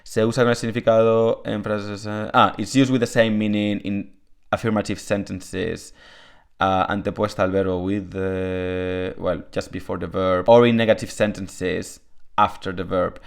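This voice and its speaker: Deep-voiced man teaching casually. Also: level tone, moderate pace, gravelly, smooth. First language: Spanish. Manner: chatty, many fillers, switches between Spanish and English. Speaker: Spanish teacher. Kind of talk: casual explanatory lesson.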